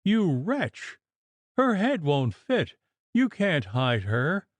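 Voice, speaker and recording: A man voicing a terrified, delirious little woman who cries out in shrill, frantic bursts. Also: huge pitch swings, extremely slow, dry recording, heavily acted.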